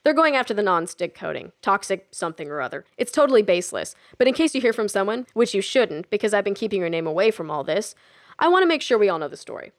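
A woman voicing a brash, smug man who sells kitchen gadgets, talking in a loud, boastful showman pitch. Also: sing-song, quick pace.

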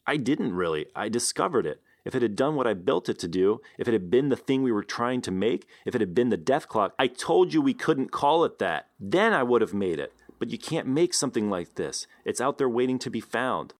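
Man doing an excitable young inventor. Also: mid-range voice, fairly quick, few pauses, no room sound, clean studio sound, pitched above the performer's own voice. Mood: excited. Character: excitable male inventor, restless and blunt. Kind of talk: audiobook character voice.

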